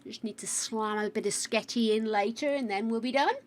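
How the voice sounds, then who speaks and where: A woman's voice: a little high, fairly quick. A British woman streaming a game, rambling chattily through a story and answering her chat. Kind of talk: casual chat while gaming.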